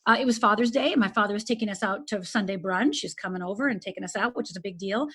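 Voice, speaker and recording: A middle-aged woman from Upper Michigan, a life coach guest, telling a painful personal story earnestly and dropping to a hush at the hardest moments. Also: medium pitch, quick pace, slightly rough. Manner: earnest, intense, often drops to a hush.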